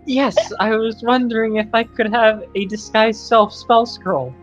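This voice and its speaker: A woman's voice: a little high, fairly even intonation, measured pace, soft background music, pitched above the performer's own voice, close to an everyday voice. A woman playing a polite, hesitant adventurer who stumbles over her words. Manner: hesitant, polite, full of ums. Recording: dull lo-fi sound.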